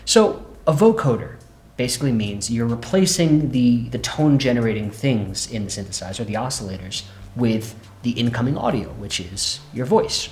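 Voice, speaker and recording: A man hosting a relaxed synth demo lesson, often checking in with "right?" as he explains. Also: mid-range voice, normal speed. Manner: relaxed, says "right?" a lot. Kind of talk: casual instructional demo. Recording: roomy echo.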